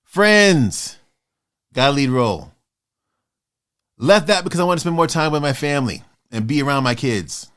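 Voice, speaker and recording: A man in his fifties hosting his own motivational vlog, talking in a passionate, fired-up way with sudden loud bursts. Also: on the high side, expressive, moderate pace, pauses often, smooth. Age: 50s. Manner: acts out doubters in quoted asides. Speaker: author and channel host.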